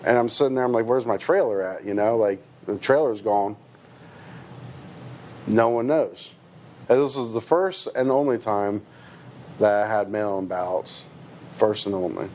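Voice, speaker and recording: A man's voice: on the low side, steady tone, a little slow, long pauses, darkish tone, slight background noise. A man from the United States, a truck driver, giving a hesitant personal account with many restarts and fillers.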